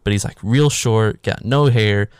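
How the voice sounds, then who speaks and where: A man's voice: lowish voice, a little slow, a little mellow, smooth, dry recording, studio quality. A man casually recapping a horror movie in a sarcastic, swearing, offhand way. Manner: sarcastic, swears freely, filler "like".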